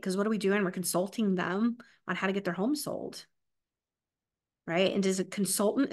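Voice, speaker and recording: A woman runs a live sales training session in a lively, chatty way. She often ends her points with a quick tag question to the room. Now and then she reads sales scripts aloud. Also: mid-range voice. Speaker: real estate sales trainer. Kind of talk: live classroom training talk.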